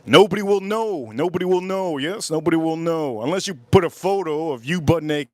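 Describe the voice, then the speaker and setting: A man's voice: fairly high pitch, fairly quick, no echo. A man hosting a livestream, telling a story in casual chat, rambling and repeating his phrases over and over. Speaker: livestream host.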